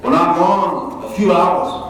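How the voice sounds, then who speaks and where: A man's voice: sits high, fairly even intonation, slow, fairly bright tone, slight background noise. A man putting on a sly, coaxing smuggler. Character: smooth-talking male people smuggler, wheedling. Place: large library event hall. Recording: echoey hall, mic from far off.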